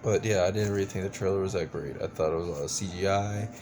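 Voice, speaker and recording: A man's voice: deep voice, fast, background noise. A man reviewing a movie in a casual rant, exasperated and profane, rambling with lots of restarts. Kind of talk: casual ranting film review.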